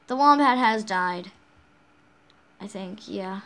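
A woman's voice: high voice, expressive, slow pace, pauses often, sharp tone. A woman hosting a casual game walkthrough, rambling along with frequent restarts and self-corrections. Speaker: game channel host.

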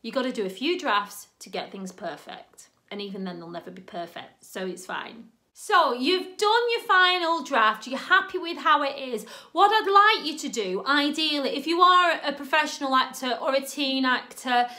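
Bright, high-voiced woman teaching drama. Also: normal speed. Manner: chatty, animated, checks in with "okay?". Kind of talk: instructional talk.

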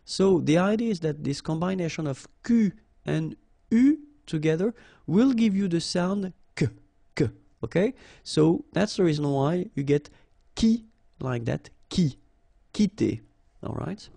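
A male French teacher with a French accent walks through words at a slow, patient pace. His voice is dark and gravelly, recorded dry and close. He repeats each sound with short explanations. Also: fairly high pitch, animated, no echo. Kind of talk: slow vocabulary lesson, spelling out sounds.

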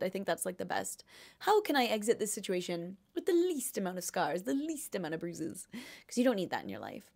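A woman's voice: on the low side, sing-song, fast, darkish tone. A young woman hosting a podcast, reading out listener questions and giving casual, jokey advice full of fillers and asides.

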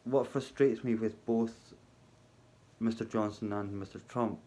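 A man talking casually to his viewers from his hotel workplace at night, halting and full of ums, with a wry sense of humour. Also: on the low side, steady tone, mellow. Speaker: vlogger. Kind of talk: casual spoken vlog.

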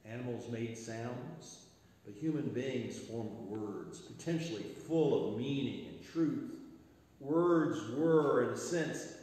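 A male pastor delivering a sermon with rhythmic repetition and phrase ends that trail off quietly. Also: mid-range voice. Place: church sanctuary. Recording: echoey church sanctuary with long reverb.

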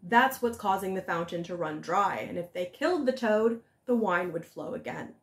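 A woman voicing a hot-tempered male devil who demands answers gruffly, in a storybook telling. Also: lowish voice, lively intonation, normal speed, voice pushed down. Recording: echoey room.

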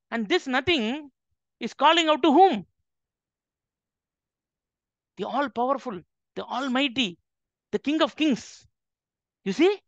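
In a dull, dry lo-fi recording, an Islamic teacher with a very high, creaky and fairly bright voice leads an interactive religious class. His delivery is emphatic, and he keeps checking with his listeners by asking "right?"

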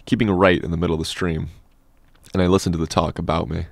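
A man narrating a classic novel as an audiobook in a measured, steady storytelling manner, close on a studio mic. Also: deep voice, gravelly, dry recording. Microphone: dynamic studio microphone.

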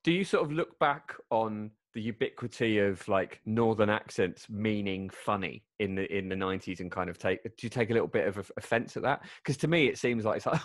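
A man's voice: lowish voice, fairly quick, few pauses, no room sound. A man with a Northern English accent hosting a casual comedic chat, riffing with mock indignation. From Northern England. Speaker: host.

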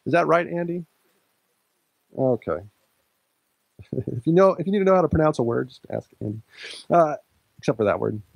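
A man's voice: a little high, creaky, darkish tone, no echo, rough recording. A male pastor preaching a sermon in a conversational way, laughing lightly now and then.

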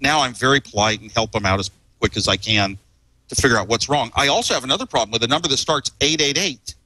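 A man's voice: medium pitch, fast, bright, forceful tone, poor audio. A man, a guest on a talk show, telling stories casually in a rambling way, chuckling and repeating words as he goes. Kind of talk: casual storytelling.

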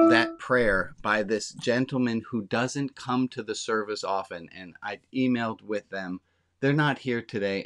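A man, a rabbi, giving an informal sermon to his congregation, talking candidly and slowing down to stress the lines that matter. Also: mid-range voice, sharp tone.

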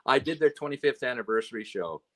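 A man's voice: medium pitch, animated, fast, slight background noise. A man, a guest telling rambling road stories full of "you know" and "right?". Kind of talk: casual chat.

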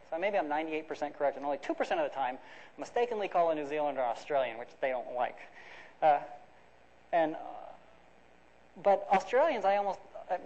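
A man's voice: on the high side, a little mellow. A man giving a conversational academic lecture, explaining step by step with frequent restarts and fillers. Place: lecture hall. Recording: dull lo-fi lecture recording.

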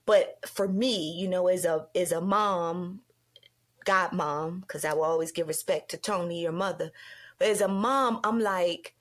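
A middle-aged woman hosting a podcast, telling a story in a casual, animated way and acting out quoted dialogue. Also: unhurried. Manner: animated, acts out quoted dialogue with big pitch jumps. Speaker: podcast host.

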